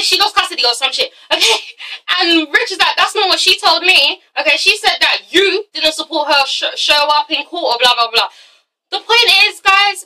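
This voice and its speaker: A young woman vlogger with a high, sharp voice gives a sassy, swearing rant-style review of a reality show episode, mimicking the people in it. She is recorded from a distance, and the recording is rough.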